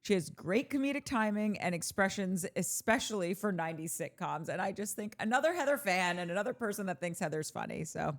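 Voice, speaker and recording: A woman co-hosting a casual chat show, reading listener comments aloud with quick animated asides. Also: mid-range voice. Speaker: podcast co-host.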